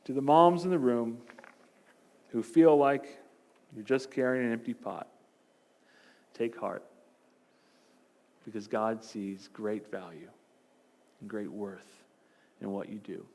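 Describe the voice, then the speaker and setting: Pastor guy preaching, storytelling, goes soft and quiet for emphasis. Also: medium pitch, slow pace, pauses often. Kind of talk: sermon.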